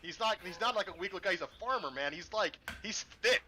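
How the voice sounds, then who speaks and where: A man's voice: sits high, animated, fast, pushed and bright, a little hiss or hum. A man playing a tabletop game, laid-back and laughing, slangy. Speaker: player. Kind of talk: casual chat at a game table.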